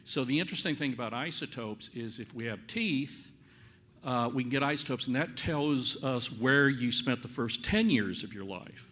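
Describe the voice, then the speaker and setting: A man's voice: mid-range voice, animated, moderate pace, bright, forceful tone. A man on a panel giving a plain, patient explanation of forensic science at a public briefing.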